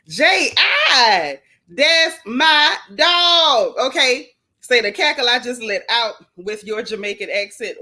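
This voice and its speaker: With a medium-pitched voice, this woman runs a laid-back gossip livestream and welcomes people from the chat. Her delivery is lively and talkative, full of playful, swooping stresses.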